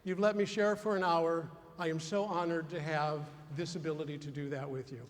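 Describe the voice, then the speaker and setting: A man's voice: fairly high pitch, fairly quick, in a large hall. A man giving a humorous motivational keynote to a large conference audience, acting out the dialogue in his stories. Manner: animated storytelling with acted-out dialogue. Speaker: keynote speaker. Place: large conference hall before a big audience.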